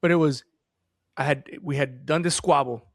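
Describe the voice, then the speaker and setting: A man talking about fatherhood as a podcast guest, in an earnest, animated storytelling way. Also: fairly high pitch, normal speed, dry recording, studio quality. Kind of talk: casual podcast conversation.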